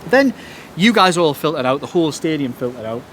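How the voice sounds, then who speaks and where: Young man, football podcast host, animated rushed storytelling, laughing, high bright voice. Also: slight background noise. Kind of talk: excited casual chat. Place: outdoors at night abroad.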